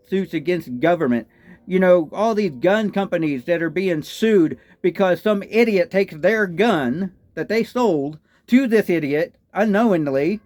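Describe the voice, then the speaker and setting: A man's voice: sits high, darkish tone. A man with a Texan accent ranting in a political commentary, indignant and firing off repeated rhetorical questions. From Texas. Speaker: political vlogger.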